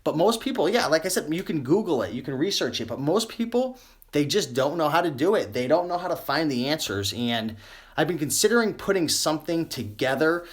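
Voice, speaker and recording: A man's voice: a little high, sing-song, fairly quick. Guy going live, rambly, lots of ums, voice getting a bit worn out. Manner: rambling, many fillers and self-corrections. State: losing his voice. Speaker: online clothing reseller. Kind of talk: live-stream tips chat.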